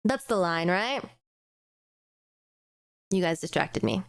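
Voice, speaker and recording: A young woman streaming a game, reacting in a casual, excitable, emotional way, rambling and laughing to her chat. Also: fairly low pitch, takes it slowly, gravelly, pauses often, dry recording.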